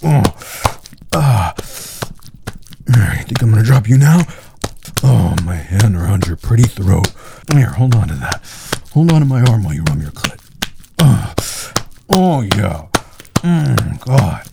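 A man's voice: on the low side, big pitch swings, unhurried, creaky, long pauses, very noisy. A man in an intimate audio role-play, talking in a dominant, commanding way with heavy breathing.

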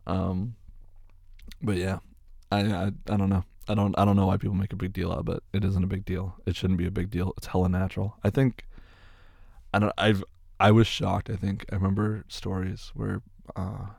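A man's voice: low-pitched, flat delivery, moderate pace, gravelly, a little mellow, no room sound, clean studio sound. A man in his twenties casually answering viewer questions, rambling, repeating words and swearing freely. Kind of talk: casual Q&A chat.

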